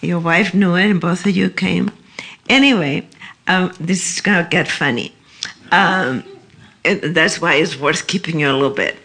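A woman talking casually in church, speaking in a halting way with many fillers. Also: fairly low pitch, a bit bright.

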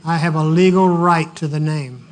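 High-voiced man preaching with hearty laughter. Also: normal speed. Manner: animated storytelling, laughing heartily while acting out stories. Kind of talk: sermon with storytelling.

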